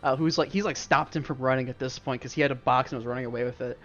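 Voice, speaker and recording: A man's voice: mid-range voice, fairly even intonation, racing, fairly bright tone, highs cut off. A man narrating a tabletop game as game master, loose and profane, laughing often. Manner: laughing, profane, loose storytelling with many fillers.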